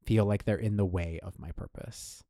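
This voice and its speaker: A man in his thirties co-hosting a podcast, talking in a relaxed, easygoing way. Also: lowish voice, normal speed, no echo, clean studio sound. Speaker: podcast co-host. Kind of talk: casual chat.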